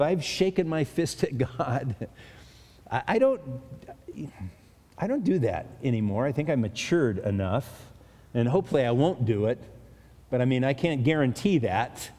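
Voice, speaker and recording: A pastor with a mellow, mid-range voice preaches an expository sermon, speaking earnestly and conversationally straight to his listeners. The recording carries a long hall reverb.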